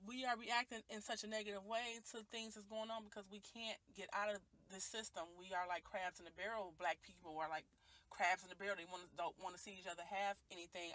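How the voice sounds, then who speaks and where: A woman's voice: medium pitch, fairly even intonation, fairly quick, pushed and bright. A woman, talking earnestly and from the heart in a personal video monologue recorded on a phone. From Detroit, USA. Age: 20s. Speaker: vlogger.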